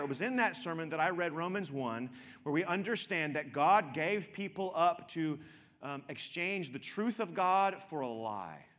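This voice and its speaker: A man's voice: on the high side, pushed and bright, big-room sound. A man preaching a sermon, stressing and repeating key words and checking in with his listeners through direct questions. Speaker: pastor.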